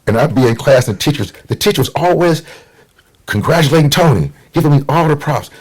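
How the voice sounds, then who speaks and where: A man's voice: a little high, animated, fairly quick, slightly rough. A middle-aged man from Portland, Oregon, telling stories as a guest in a casual conversation and acting out the voices of people he quotes. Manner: easygoing storyteller, acts out quotes.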